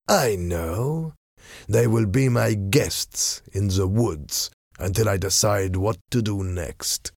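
A cunning, cruel masked villain, put on by a man reading a storybook. He speaks low, slow and menacing, with a commanding tone. His voice is gravelly and dry. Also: a little mellow, dry recording, heavily acted.

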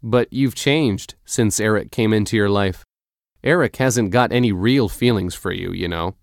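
Hurt, earnest teen boy, read by a man; low and dry storybook delivery. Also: moderate pace, creaky, dry recording.

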